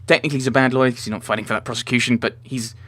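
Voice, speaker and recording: A man's voice: mid-range voice, fairly even intonation, rapid-fire, bright, forceful tone. A man giving casual, rambling commentary while playing a visual novel. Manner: rambling, self-mocking asides. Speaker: let's play host.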